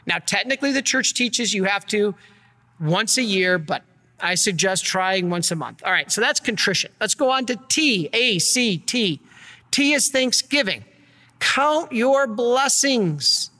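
A priest preaching a conversational sermon, with asides and frequent restarts. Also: male voice, high voice, animated, a little slow, pushed and bright, big-room sound.

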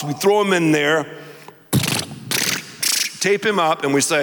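A man's voice: high voice, very animated, measured pace, long pauses, sharp tone. A middle-aged man preaching a sermon as a pastor, emphatic and repeating words for effect. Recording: long hall reverb.

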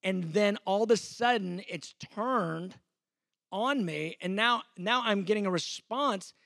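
A man's voice: high-pitched, measured pace, vocal fry, fairly bright tone, no echo, clean studio sound. A man in his fifties, a pastor, teaching a sermon in a conversational, self-deprecating way, acting out the exchanges he quotes.

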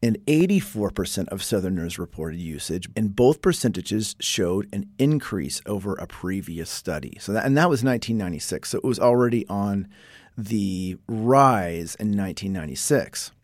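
A man's voice: lowish voice, lively intonation, moderate pace, dry recording, studio quality. A man hosting a casual explanatory talk, chatty, reading quotes aloud and breaking off for his own asides. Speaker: podcast host.

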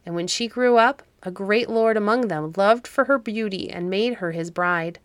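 A woman narrating a fairy-tale audiobook in an even, measured reading voice. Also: medium pitch, dry recording. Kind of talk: scripted storybook narration.

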